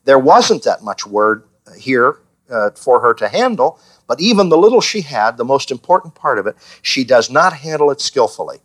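A man's voice: medium pitch, sing-song, normal speed. A man leading a Bible study class, putting questions to the group and acting out the lines he quotes. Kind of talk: teaching a small class.

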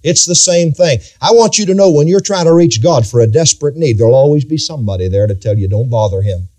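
A man's voice: fast talker, mellow. A man preaching a sermon, dramatic and emphatic, retelling scripture in old-fashioned biblical wording. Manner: dramatic, emphatic, sweeping pitch swings.

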